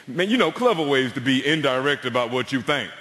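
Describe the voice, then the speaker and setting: A man from the American Deep South with a Southern accent, doing a stand-up comedy set on stage with lively storytelling and deadpan punchlines. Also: a little fast, heavy background noise. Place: large theatre on stage, audience laughing. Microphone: stage microphone. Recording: echoey theatre hall with long reverb.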